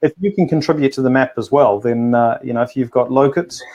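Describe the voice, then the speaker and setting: A man chats on a live cooking stream, his voice sitting at an everyday middle pitch. He rambles through his points, restarting sentences and filling gaps with ums. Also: fast talker, darkish tone. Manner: chatty, rambling with many restarts and fillers. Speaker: co-host of a live food show. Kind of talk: casual live-stream chat.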